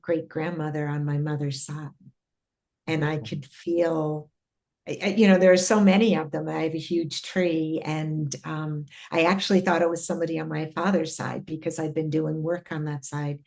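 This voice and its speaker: Low-voiced woman recounting spiritual visits. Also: a little mellow. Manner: earnest, many fillers and restarts. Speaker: guest telling spiritual experiences. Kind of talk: casual interview storytelling.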